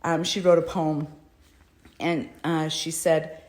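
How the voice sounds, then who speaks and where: A middle-aged mother from the U.S. faces the camera and speaks slowly, pausing often, in a flat delivery with a deep, darkish voice. She's earnest and emotional, pleading sincerely in a personal, unscripted address.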